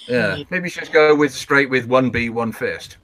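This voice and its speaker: A man's voice: medium pitch, heavy background noise. A man teasing and laughing with friends in a casual chat on a live stream.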